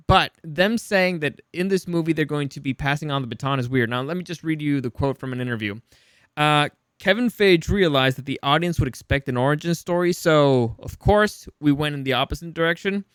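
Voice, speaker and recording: A man's voice: fairly high pitch, normal speed, a bit bright, clear, resonant tone, dry recording. A man hosting a casual pop-culture news vlog, blunt and opinionated, swearing freely and restarting his sentences. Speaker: news commentary host.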